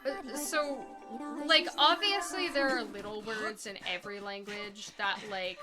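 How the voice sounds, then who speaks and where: A woman's voice: mid-range voice, unhurried. A young woman chatting casually while streaming a game, talking in a rambling way full of fillers. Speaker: speedrunner streaming. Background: game music.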